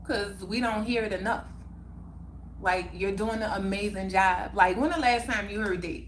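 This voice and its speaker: Bright-voiced heartfelt woman livestreamer. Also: mid-range voice, fairly even intonation, normal speed, a little hiss or hum. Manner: emphatic, heartfelt, repeats phrases for emphasis. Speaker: livestream host. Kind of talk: casual livestream chat.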